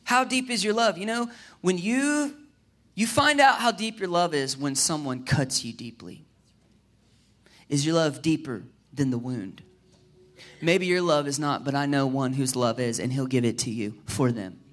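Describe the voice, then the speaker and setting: A man preaching a sermon as a pastor, lively and humorous, driving his points home with repeated rhetorical questions. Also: on the high side, unhurried.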